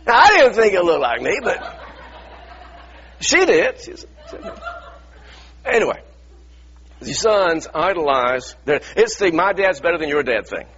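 A middle-aged pastor preaching a sermon in a church, earnest and repetitive, stumbling over restarts and firing rhetorical questions. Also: male voice, high-pitched, sing-song, unhurried, pauses often, a bit bright, dull audio.

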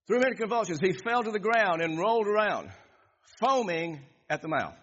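A man preaching an expository sermon with a high, lively voice that swings up and down. His tone is husky, and he repeats phrases for emphasis. The sound is dull and carries a long hall reverb. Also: a little fast. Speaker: pastor.

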